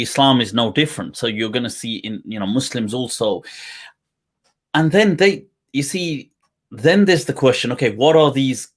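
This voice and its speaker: A man hosts a casual live-stream meetup at an unhurried pace. His talk is relaxed and drawn out, with a laugh slipping in between phrases. His pitch sits in the middle of a man's range. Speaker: host.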